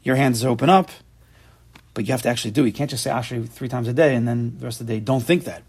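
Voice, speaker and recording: A man teaching a religious study class, explaining quickly and mixing in Hebrew terms. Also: mid-range voice, darkish tone, husky.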